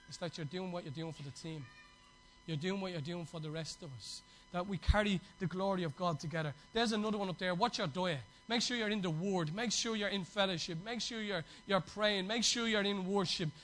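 A man's voice: sits high, sharp tone, poor audio. A man preaching a sermon to his church, passionate and exhorting, with chatty asides.

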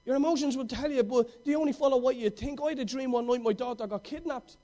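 Man, middle-aged, preacher, high-pitched, fervent, storytelling sermon. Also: fast talker. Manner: impassioned, storytelling, swings between loud and hushed.

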